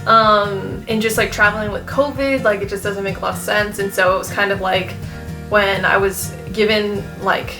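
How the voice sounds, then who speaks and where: A woman's voice: medium pitch, steady tone, moderate pace, music in the background. A young woman in her twenties talking casually to her viewers, rambling with lots of fillers and restarts, and close to tears at times. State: tearful, emotional. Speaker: vlogger. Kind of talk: casual chat to camera.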